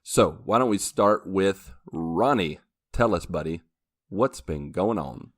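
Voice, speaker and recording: Slow and animated, a young male podcast host with a low-pitched voice tells a long, meandering story in casual chat, acting out what people said and laughing as he goes. The sound is clean, dry studio audio.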